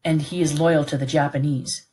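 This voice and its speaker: A woman's voice: low voice, steady tone, normal speed, warm tone, lightly acted. A woman reading aloud who voices a protective middle-aged father, talking earnestly and reassuringly to his son. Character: protective British plantation father, middle-aged man, steady. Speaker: read-aloud narrator voicing a character.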